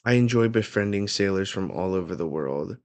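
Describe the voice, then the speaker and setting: A man reading out the lines of a gentle, sick woman who runs a tavern, in a plain, barely acted voice. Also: low voice, expressive, a little fast. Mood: fond.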